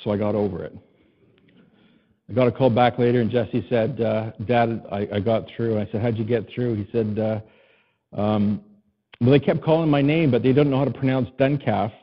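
A husky, somewhat breathy middle-aged man delivering a sermon. He tells personal stories with self-deprecating laughs and moves from loud emphasis to hushed, tender lines. The recording sounds dull and a little lo-fi. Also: mid-range voice, steady tone, moderate pace. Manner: warm storytelling with self-deprecating laughs, swings from loud to soft. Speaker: pastor.

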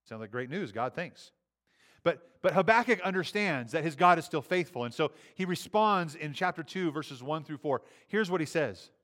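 A pastor preaching a sermon in a conversational style, often restarting phrases and rising emphatically on key lines. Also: male voice, on the high side, lively intonation, normal speed, fairly bright tone.

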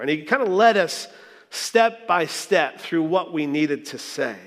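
A man's voice: on the high side, lively intonation, unhurried, fairly bright tone. A man preaching a sermon as a pastor, earnest and reflective, telling stories with small restarts. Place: church sanctuary. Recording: long hall reverb.

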